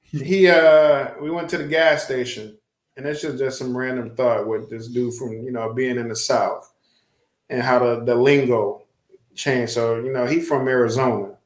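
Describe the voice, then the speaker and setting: A man's voice: medium pitch, steady tone, moderate pace. A man co-hosting a casual podcast, telling stories in slangy talk and laughing often. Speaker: podcast co-host. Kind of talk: casual chat. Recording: roomy echo.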